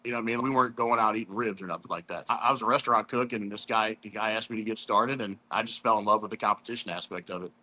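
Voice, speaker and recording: Chatty laid-back man, bright voice. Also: fairly low pitch, very fast, hardly any pauses. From St. Louis, USA. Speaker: competition barbecue pitmaster guest. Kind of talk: casual storytelling interview.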